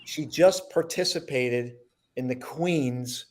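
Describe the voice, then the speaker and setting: A man's voice: medium pitch, takes it slowly. A man hosting a video call who introduces guests in an enthusiastic, effusive way, with stumbles and restarts. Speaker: host.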